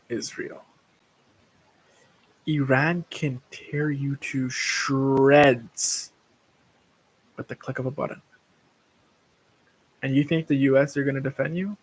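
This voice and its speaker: A man's voice: mid-range voice, darkish tone, breathy edge, poor audio. A tired man hosting a casual livestream, rambling and blunt, breaking into rants. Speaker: livestream host.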